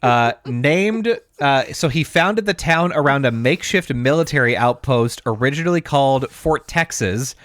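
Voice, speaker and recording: A man's voice: mid-range voice, lively intonation, moderate pace, few pauses, a bit bright, dry recording, clean studio sound. A man co-hosting a podcast in casual chat, rambling and laughing as he talks. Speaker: podcast co-host.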